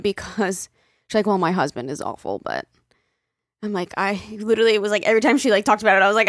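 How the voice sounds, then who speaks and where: A woman co-hosting a podcast in relaxed, casual chat. She tells stories with energy and acts out quoted voices as she goes. Her voice sits in a middle pitch and is recorded close and dry. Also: fast, dry recording. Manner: animated storyteller acting out quoted voices. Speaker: podcast co-host.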